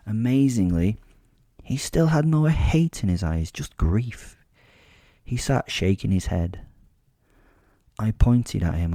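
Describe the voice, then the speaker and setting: A man narrates a first-person audio drama with a deep, low voice. His tone is dark and deliberate, with a menacing edge, recorded dry and close to the mic. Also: no echo.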